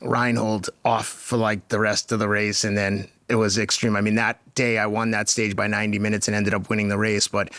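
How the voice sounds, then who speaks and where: A man's voice: on the low side, little pitch movement, fairly quick, few pauses, a bit bright, no room sound. A man in his fifties with a Boston accent, telling stories as a guest in a casual, candid way, often laughing. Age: 50s. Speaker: guest, marathon runner. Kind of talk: casual storytelling.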